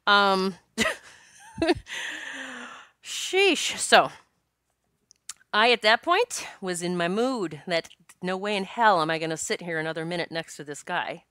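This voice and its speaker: Female podcast host, candid storyteller, bright crisp voice, dry close sound, curses freely. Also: lowish voice, slow, long pauses, no room sound. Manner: frank and animated, swears and laughs often.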